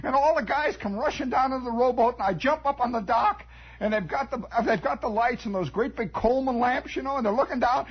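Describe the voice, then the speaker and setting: A Midwestern American man telling a story on the radio in a dramatic monologue, hushing for suspense, on a dull lo-fi 1960s broadcast. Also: very high-pitched, fairly quick, breathy edge. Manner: animated, dramatic, drops to hushed tones for suspense.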